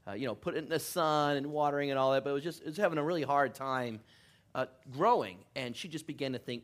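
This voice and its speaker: Speaking fast in a mid-range voice, a middle-aged man preaches a lighthearted sermon from the church sanctuary. He's conversational, laughs frequently, and pokes fun at himself throughout.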